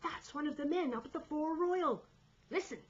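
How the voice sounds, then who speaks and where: A woman's voice: a little high, very animated, normal speed, darkish tone, breathy edge, lo-fi sound, pitched above the performer's own voice. A woman voicing a male seaman who speaks up earnestly for the crew.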